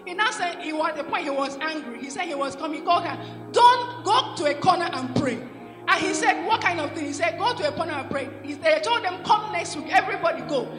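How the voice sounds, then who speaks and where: A woman with a high voice giving a church testimony, circling back and restarting as she tells her story. She sounds roomy and reverberant, as in a large hall, with music playing clearly behind her. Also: expressive, fast. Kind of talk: spoken testimony.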